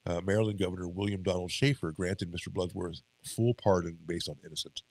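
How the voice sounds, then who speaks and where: Low gravelly man with a stuffy nose. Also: fairly even intonation, a little fast, darkish tone, no room sound, rough recording. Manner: reads case notes, stumbles over words, breaks off to chat. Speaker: podcast co-host. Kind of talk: casual podcast commentary, reading notes aloud.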